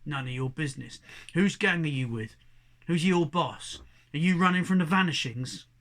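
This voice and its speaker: A man voicing a tough young female street cat who talks gruffly and bluntly, with a gravelly voice. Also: fairly high pitch, normal speed, a bit bright. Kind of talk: audiobook character reading.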